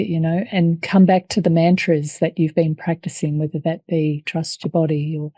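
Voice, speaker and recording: A woman hosting a podcast interview, explaining calmly and affirming her guest. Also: lowish voice, no echo. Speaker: host and birth educator.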